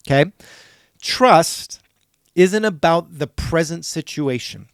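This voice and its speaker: A man hosting a podcast, talking through a Bible passage in a relaxed, conversational way, often repeating words and saying "like". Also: fairly high pitch, slow, no echo, clean studio sound. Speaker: podcast host teaching on scripture.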